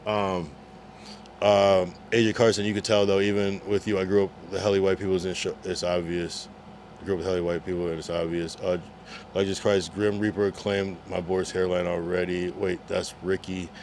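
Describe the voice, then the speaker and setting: A man's voice: low-pitched, flat delivery, moderate pace, darkish tone, slight background noise. A man streaming live, reading chat messages aloud in a laid-back, slangy way. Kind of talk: casual livestream chat.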